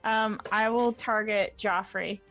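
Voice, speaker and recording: A woman's voice: mid-range voice, steady tone, slow, a bit bright, soft background music. A woman playing a tabletop game, flustered and apologetic, filling her turn with ums. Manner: flustered, apologetic, many fillers. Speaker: player.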